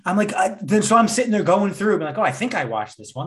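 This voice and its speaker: A man co-hosting a casual podcast, ranting with heat and plenty of swearing. His voice sits slightly high for a man, and he keeps pushing his complaints hard. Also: sing-song, fast. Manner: heated, ranting, heavy swearing. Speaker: podcast co-host.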